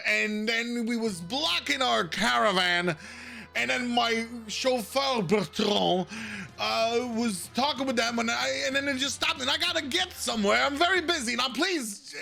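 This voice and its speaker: A man voicing a pompous, indignant male noble who shouts accusations and talks in circles. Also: gravelly, exaggerated voice. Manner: high-pitched, shrill, blustering, talks in circles.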